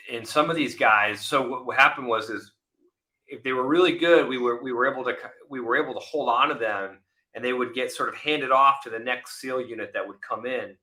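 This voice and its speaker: Forties male guest, bright tone, lively anecdotal storyteller in a relaxed interview. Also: medium pitch. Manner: animated storyteller, acts out voices in anecdotes. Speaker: podcast guest, former Navy SEAL officer. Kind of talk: casual interview chat.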